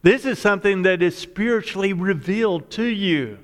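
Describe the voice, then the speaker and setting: A man preaching a sermon, explaining scripture in a measured, emphatic way. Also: sits high, expressive, big-room sound. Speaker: pastor.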